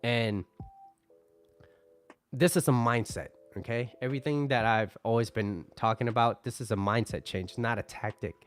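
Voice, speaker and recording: Casual advice guy, mid-pitched man, chatty and loose, soft music underneath. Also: moderate pace. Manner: loose and conversational, tags lines with "right?"; acts out angry customers in mock voices. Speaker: relationship advice creator.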